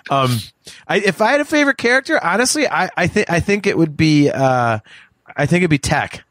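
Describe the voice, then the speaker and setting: A man co-hosting a podcast in casual chat, talking in animated bursts with stammered restarts and frequent laughs. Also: a little high, a little fast, dry recording, clean studio sound. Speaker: podcast co-host.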